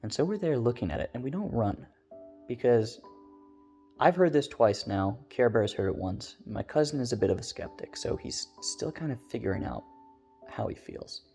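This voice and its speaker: A man's voice: mid-range voice, expressive, moderate pace, creaky, dark tone, faint music behind. A man telling an eerie first-person story in a casual, rambling way, full of filler words. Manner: rambling, loose, many "like" fillers.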